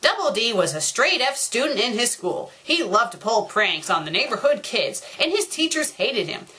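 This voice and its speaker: A woman's voice: fairly high pitch, very animated, moderate pace, bright, forceful tone. A woman critiquing fan fiction, reading the story aloud and dropping in sarcastic asides. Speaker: fanfiction critic. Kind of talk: comedic reading with commentary.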